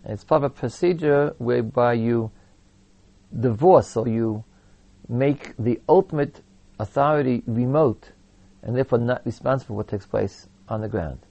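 A man's voice: mid-range voice, normal speed, creaky, dark tone, highs cut off. A man teaching a Torah lecture, explaining texts and acting out quoted complaints with emphasis.

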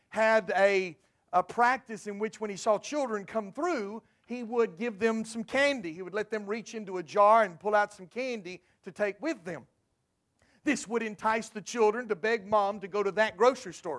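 A man's voice: high voice, fairly bright tone. A man preaching a sermon to his congregation, emphatic and storytelling. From United States. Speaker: pastor.

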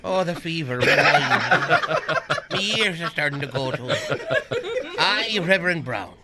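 An actor playing a feverish, gruff dying old Irishman in a comic radio skit, with a hammy put-on brogue that keeps cracking into laughter. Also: on the high side, animated, slow, heavy background noise.

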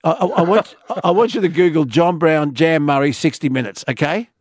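A man's voice: a little high, normal speed, no room sound, clean studio sound. A man hosting a radio chat, teasing and gossipy, often restarting his sentences. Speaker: radio host.

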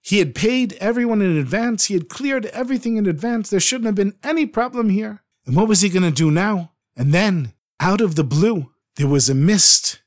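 A man telling a dramatic true story in an earnest, expressive way. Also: high voice, moderate pace, few pauses.

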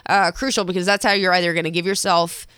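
A woman's voice: fairly low pitch, little pitch movement, quick pace, pushed and bright, smooth, no room sound, clean studio sound. A congested woman hosting a casual sports talk show, upbeat and laughing often.

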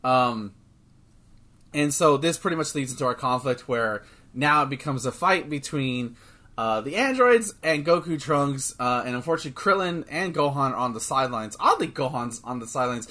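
A man talking casually as a podcast co-host, excitable and loose, swearing often and tripping over his own restarts. His pitch sits in the middle range for a man. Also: normal speed. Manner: excitable, swears freely, lots of filler and restarts. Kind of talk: casual chat.

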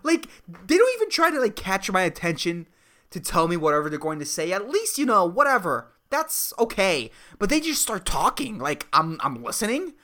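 A man's voice: sits high, huge pitch swings, normal speed, pushed and bright. A man in his twenties hosting a podcast, ranting in a profane, exasperated way with lots of fillers. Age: 20s. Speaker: podcast host. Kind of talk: solo comedic rant.

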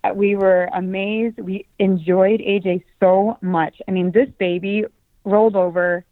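A woman guest telling a personal story on a podcast, lively and excited as she recounts it. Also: medium pitch, a little slow, no echo. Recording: dry tinny phone-like sound.

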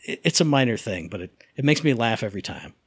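A man's voice: fairly low pitch, very animated, fast, gravelly, slightly rough, no room sound. A middle-aged man co-hosting a casual gaming podcast, rambling and self-amused, often restarting his sentences. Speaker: podcast co-host.

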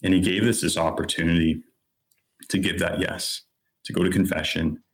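A man's voice: deep voice, little pitch movement, moderate pace. A man in his thirties, a podcast guest, telling a personal story in an earnest, candid way, with plenty of "like" and "you know".

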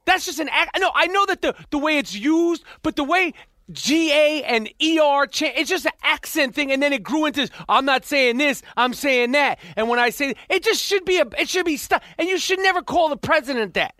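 A man's voice: very high-pitched, lively intonation, fairly quick, pushed and bright, no echo, clean studio sound. A man in casual podcast chat, blunt, often stammering and restarting.

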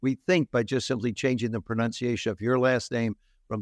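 An older man from New Jersey, a former quarterback telling animated anecdotes as an interview guest. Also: medium pitch, fairly quick, no echo, studio quality. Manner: animated anecdotes with laughs and restarts. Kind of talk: storytelling interview.

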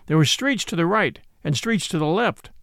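A man reading a classic novel aloud as an audiobook, in a gentle storytelling manner. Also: high voice, lively intonation, moderate pace, no echo, studio quality. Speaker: audiobook narrator. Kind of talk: scripted narration of a classic novel.

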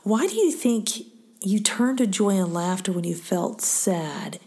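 Soft, mellow-voiced woman host. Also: medium pitch, lively intonation, a little slow. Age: middle-aged. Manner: soft-spoken, often dropping to a breathy near-whisper. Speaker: podcast host interviewing her daughter. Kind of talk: faith-based interview.

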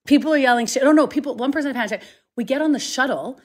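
A woman's voice: high-pitched, rapid-fire. Woman telling a travel mishap story. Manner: animated storytelling, acts out other people's lines. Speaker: guest. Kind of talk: casual chat on a video call.

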